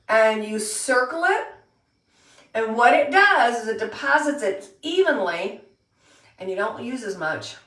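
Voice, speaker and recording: A woman's voice: on the high side, a bit bright. Chatty woman hosting a live makeup tutorial. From Pennsylvania. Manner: chatty, greets viewers by name. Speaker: makeup workshop host. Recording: roomy echo, voice a bit far from mic.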